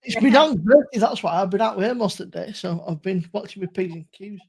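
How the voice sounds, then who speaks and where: A man's voice: sits high, lively intonation, brisk, gravelly. A young man in casual live-stream banter, laughing and joshing while he tells stories and mimics his mates.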